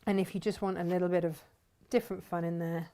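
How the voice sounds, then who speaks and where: With a dark tone and fairly low pitch, this fabric shop host speaks quickly and flatly. Still, her casual workshop talk comes across chatty, enthusiastic and rambling.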